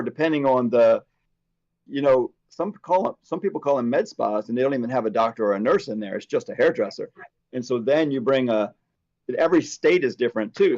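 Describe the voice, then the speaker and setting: A man's voice: medium pitch, highs cut off. A man co-hosting a casual chat show, telling stories as a hair replacement specialist. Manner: chatty storyteller, animated.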